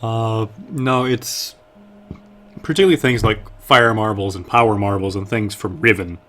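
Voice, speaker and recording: A man's voice: lowish voice, moderate pace. A young man casually chatting on a live stream while developing a game mod, explaining plans with plenty of fillers. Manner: relaxed, explanatory, with frequent fillers.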